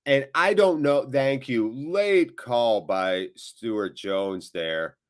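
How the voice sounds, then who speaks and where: A man hosting a live football watchalong, commentating on the match and chatting with viewers, with loud reactions to big moments. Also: medium pitch, drawn-out words. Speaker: watchalong host.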